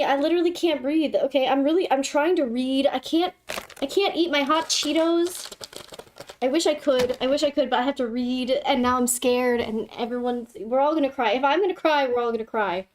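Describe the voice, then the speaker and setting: A young woman with a high voice hosts a casual livestream and chats with her viewers. She talks in a giggly, theatrical way and playfully scolds people in the chat. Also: darkish tone. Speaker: livestream host.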